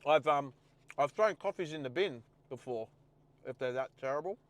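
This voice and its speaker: Australian male stream host, casual and rambling, slightly raised pitch. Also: lively intonation, moderate pace. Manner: chatty, thinks aloud while setting up. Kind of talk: casual live-stream chat. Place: in a car.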